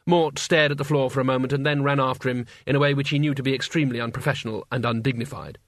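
A man narrating an audiobook in a measured, dry storytelling manner. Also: mid-range voice, fairly even intonation, a bit bright, no echo. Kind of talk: scripted narration.

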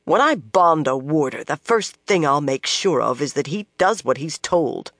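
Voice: medium pitch, animated, moderate pace, a bit bright, dry recording, clean studio sound. A narrator voicing an impatient, commanding young woman who speaks indignantly.

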